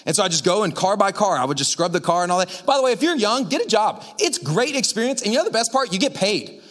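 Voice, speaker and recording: Man, pastor, high-pitched, casual energetic sermon, conversational asides. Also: fast talker. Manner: energetic, chatty, lots of "like" and asides to the crowd.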